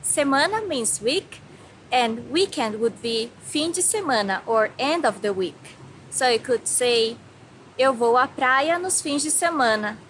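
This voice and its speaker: A young woman from Brazil teaching a vocabulary lesson, saying each word slowly before giving its meaning. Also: high-pitched, expressive, fairly bright tone, a little hiss or hum, low-quality recording. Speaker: language teacher.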